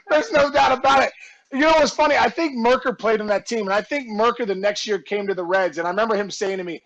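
A man being interviewed, telling a story with animated energy, shouting out the punchlines, acting out other people's voices, and laughing often. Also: sits high, a little fast, low-quality recording. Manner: lively, acts out quoted voices and shouts punchlines; laughs often, warm and effusive. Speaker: guest, former baseball player. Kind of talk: animated storytelling in casual chat.

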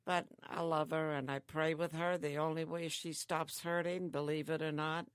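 An older woman who lives in a care home, chatting slowly and telling stories with frequent chuckles. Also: deep voice, little pitch movement, clear, resonant tone, dry recording, clean studio sound. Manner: slow, chuckling storyteller. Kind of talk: casual chat.

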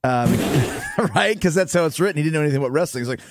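A middle-aged man from Canada with a Canadian accent, chatting as a radio studio guest, telling stories with quick laughs and acted-out quotes. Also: a little high, a little hiss or hum. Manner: animated storyteller, laughs often, acts out quotes. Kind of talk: casual radio studio chat. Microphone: studio mic.

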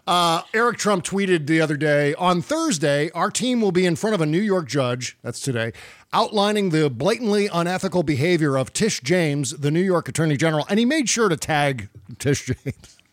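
A man's voice: on the high side, lively intonation, moderate pace, no room sound. A man hosting a casual political podcast, sarcastic and swearing, laughing often. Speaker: podcast host.

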